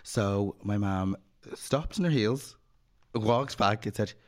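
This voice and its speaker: Co-host, man, lowish voice, chatty and profane storyteller. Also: slow pace. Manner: chatty storyteller, swears freely, acts out quotes. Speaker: podcast co-host. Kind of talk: casual chat.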